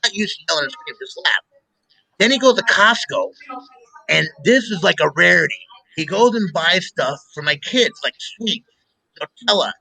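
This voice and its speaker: A man hosting a show, chatting casually and telling animated stories with laughter. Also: high-pitched, normal speed, gravelly, rough recording. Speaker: show host. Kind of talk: casual chat.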